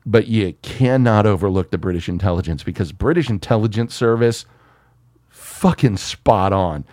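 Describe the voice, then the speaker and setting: A man from the United States co-hosting a casual film podcast, talking in a profane, animated way. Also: fairly low pitch, moderate pace, no echo, clean studio sound. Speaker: podcast co-host.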